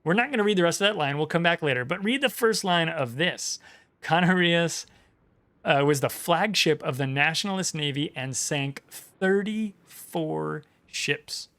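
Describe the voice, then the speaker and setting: A man's voice: a little high, lively intonation, normal speed, hardly any pauses, a bit bright. A man hosting a casual gaming news stream, reading articles aloud and rambling with many fillers and restarts. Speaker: gaming channel host.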